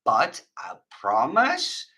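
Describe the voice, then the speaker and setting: A middle-aged woman hosts a casual craft livestream and answers her viewers in a chatty, expressive way. She laughs often. Her voice is bright and crisp, and she speaks slowly and unhurriedly. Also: very deep voice, low-quality recording. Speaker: craft livestream host reading viewer chat.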